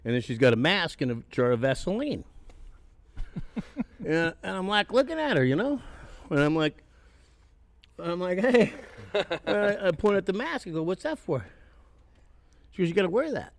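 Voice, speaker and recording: A man's voice: high voice, sing-song, normal speed, creaky, pauses often, dry recording. A man in his sixties, a podcast guest, telling casual stories, swearing freely and laughing as he goes. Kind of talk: casual storytelling. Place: haunted attraction venue.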